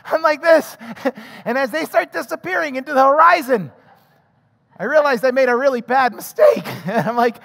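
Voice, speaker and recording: High-voiced pastor preaching in a hall. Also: male voice, moderate pace, creaky. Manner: animated, chatty, addresses the congregation with questions. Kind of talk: sermon with personal storytelling. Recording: long hall reverb.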